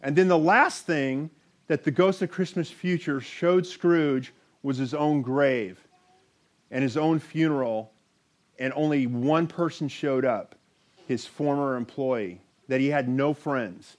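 A man preaching a sermon, reading scripture aloud and telling a story with animated delivery. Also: medium pitch, slow pace.

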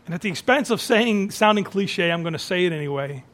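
A man preaching a communion sermon as pastor, repeating phrases for emphasis and swinging from soft, hushed lines to raised, forceful ones. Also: sits high, lively intonation, a little fast, few pauses. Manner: dramatic swings from soft near-whisper to raised, shouted phrases.

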